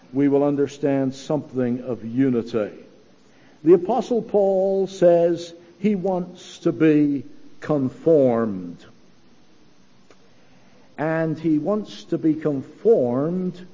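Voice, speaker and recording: A man's voice: a little high, dark tone, husky. A man from England preaching an earnest sermon, repeating key phrases for weight. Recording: echoey hall, dull lo-fi sound.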